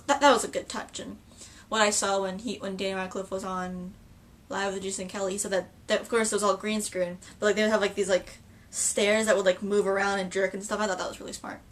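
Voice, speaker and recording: A woman chatting casually in a film reaction video, excitable and gushing, with many restarts and filler words. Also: medium pitch, distant mic.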